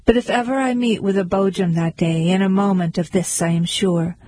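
A woman's voice: mid-range voice, steady tone, a little fast, a little mellow, close to an everyday voice, poor audio. A woman voicing a meek, tearful male baker telling his story mournfully in a storybook poem. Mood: fearful.

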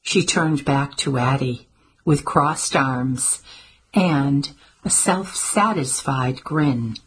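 A woman narrating an audiobook in a calm, measured storytelling manner. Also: extremely low pitch, slight background noise.

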